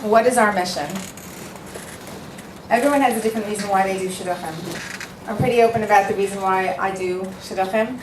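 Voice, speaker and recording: A woman's voice: mid-range voice, a little fast, long pauses, background noise. A woman who works as a matchmaker, giving an earnest, emphatic speech to a live audience and telling stories with repetition for effect. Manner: emphatic, storytelling, repeats for effect. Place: event hall with a live audience. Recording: echoey hall, voice picked up from a distance.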